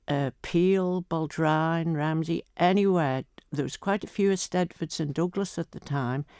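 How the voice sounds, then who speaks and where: A woman's voice: low-pitched, a little mellow, smooth, dry recording, clean studio sound. An older woman with a Manx accent, a guest telling self-mocking anecdotes in a casual interview. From Isle of Man. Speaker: guest entertainer.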